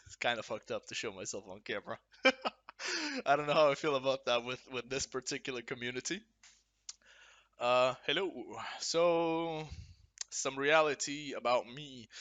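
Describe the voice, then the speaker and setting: A man's voice: medium pitch, fairly bright tone. A young man from Ukraine, talking candidly and profanely to camera in a casual confessional vlog at home. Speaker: gamer.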